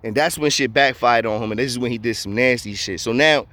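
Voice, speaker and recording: A man's voice: mid-range voice, fairly quick, bright, forceful tone, no echo. A man telling a story in a casual way, full of street slang and acting out the voices of the people in it.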